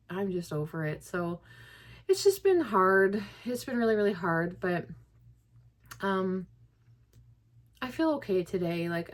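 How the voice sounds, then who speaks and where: A young woman vlogging to camera while grieving, talking in a rambling way with many likes and restarts, close to tears. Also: fairly low pitch. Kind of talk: casual personal vlog.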